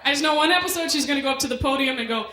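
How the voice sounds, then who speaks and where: A woman working as MC and stand-up comic, doing a club set and bantering with the crowd in quick asides. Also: high-pitched. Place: comedy club stage with a live audience. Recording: echoey club room with loud noise.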